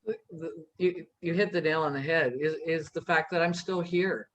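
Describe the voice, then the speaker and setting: A man's voice: a little high, steady tone, normal speed, a bit bright, dull audio, a little hiss or hum. A man speaking as a panel guest, telling a personal story in an earnest, reassuring way with frequent restarts.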